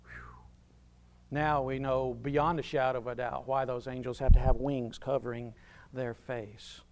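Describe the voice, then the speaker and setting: A man preaching a sermon, swinging from loud proclamations to hushed asides. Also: medium pitch, level tone, normal speed, a little hiss or hum. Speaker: pastor.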